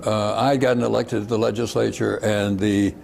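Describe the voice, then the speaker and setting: A man's voice: on the low side, level tone, a little fast, gravelly, darkish tone, a little hiss or hum. An older man reminiscing as a guest speaker, telling stories over slides and often repeating words for emphasis.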